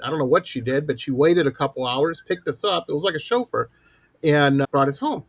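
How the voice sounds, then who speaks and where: A middle-aged man hosting a show and telling stories in a lively, animated way. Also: on the high side, brisk, vocal fry, dry recording. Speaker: host. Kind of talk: casual storytelling.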